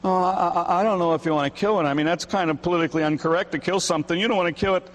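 Man putting on a tormented pleading man, frantic, higher and louder, fast, echoing hall. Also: gravelly, slightly rough. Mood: squirming. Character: desperate man begging to be freed of lust.

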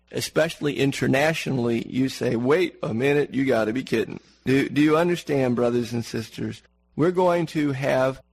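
Man preaching, gravelly, husky, earnest sermon delivery, asks the congregation questions. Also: mid-range voice, a little mellow, low-quality recording.

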